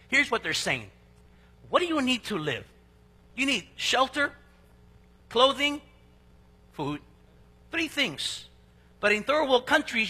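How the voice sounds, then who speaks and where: A man preaching a sermon as a pastor, swinging between loud, emphatic lines and soft asides. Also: high voice, husky, long reverb tail.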